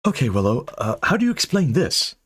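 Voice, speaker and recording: A man doing a high, flustered young hero. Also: very animated, fairly quick, fairly bright tone, breathy edge. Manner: hesitant, awkward.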